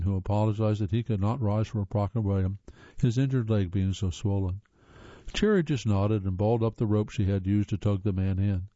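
A man reading audiobook narration in a steady, measured way. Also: on the low side, dry recording. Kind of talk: scripted narration. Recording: dull dry lo-fi audiobook.

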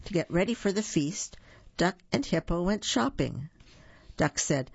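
A woman reading a picture book aloud, slowly and gently, with small slips and restarts. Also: on the low side, animated, vocal fry, slightly rough, dull audio. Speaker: storyteller.

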